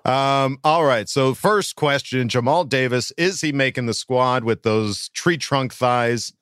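A man's voice: medium pitch, measured pace, fairly bright tone, clear, resonant tone, no echo, clean studio sound. A man hosting a podcast in a casual, jokey chat, laughing easily. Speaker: podcast host.

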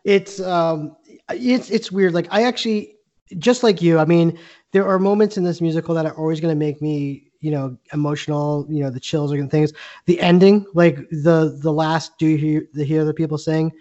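A man's voice: fairly high pitch, steady tone, moderate pace, mellow, dull audio. A man co-hosting a casual movie podcast, talking eagerly in a rambling way with lots of restarts. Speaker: podcast co-host.

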